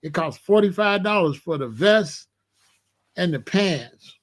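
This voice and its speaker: A man tells a story in a loose, chatty way, laughing as he goes. His voice sits fairly high for a man. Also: measured pace. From Alabama, US. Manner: animated, chatty, laughs often. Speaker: host. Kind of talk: casual storytelling.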